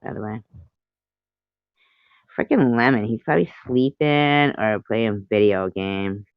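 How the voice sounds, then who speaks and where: A woman's voice: a bass voice, unhurried, clear, resonant tone, no echo, lo-fi sound. A woman hosting a casual livestream who teases her viewers and reads their messages aloud. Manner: playful, teasing, answers chat messages aloud; tries out joke accents. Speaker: livestream host.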